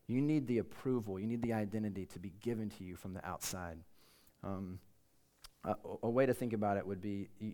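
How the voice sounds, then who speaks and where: A man's voice: lowish voice, dark tone. A man giving an informal, earnest sermon to students in a conversational way, laughing at himself now and then. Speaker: campus pastor.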